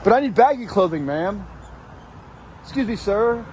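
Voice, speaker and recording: Rambling high-voiced man on a street. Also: moderate pace, noisy background. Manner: rambling, deadpan absurd jokes, crude. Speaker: street vlogger asking passers-by questions. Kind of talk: rambling satirical street report. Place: city street at night, outdoors. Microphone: handheld camera.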